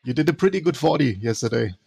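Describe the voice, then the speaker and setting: Man, co-host on a stream, gravelly tone, dry mic sound. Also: mid-range voice, expressive, quick pace, a little mellow, no echo. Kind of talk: casual live-stream chat.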